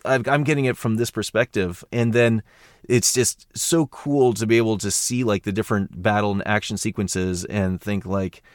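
An American man chatting casually on a podcast, his voice sitting on the low side. He rambles, stacking fillers and false starts as he thinks aloud. The sound is close and dry with no room around it. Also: fairly even intonation, moderate pace, no echo. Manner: rambling, lots of fillers and restarts. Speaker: audiobook narrator guest.

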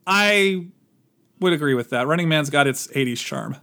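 A man co-hosting a podcast in casual movie-review chat, animated and jokey, quick to laugh. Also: a little high, vocal fry. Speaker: podcast co-host.

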